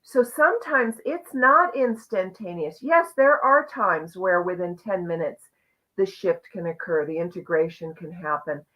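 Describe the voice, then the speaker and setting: A woman hosting a live online conversation, sharing a personal journey in an earnest, reflective, expressive way over a video call. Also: fairly low pitch, measured pace. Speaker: host. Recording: muffled lo-fi audio.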